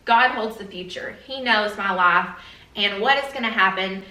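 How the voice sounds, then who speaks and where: A woman vlogger talks earnestly to camera with a bright tone and many fillers. Her voice sounds a little emotional. The room is echoey, and she sits some way from the mic. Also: medium pitch, normal speed, recorded from a distance. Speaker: beauty vlogger. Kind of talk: casual chat to camera.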